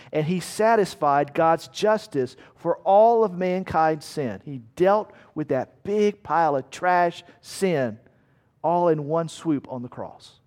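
A male pastor with a fairly high voice preaches an earnest sermon. He drives his points home emphatically with rhetorical questions. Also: a little mellow. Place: church meeting room.

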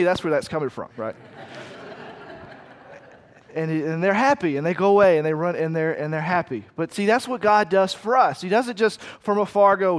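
Middle-aged guy preaching, pretty high voice, chatty asides, big echoey hall. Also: a little fast. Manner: conversational preaching with lively asides and acted quotes. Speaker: pastor. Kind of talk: sermon.

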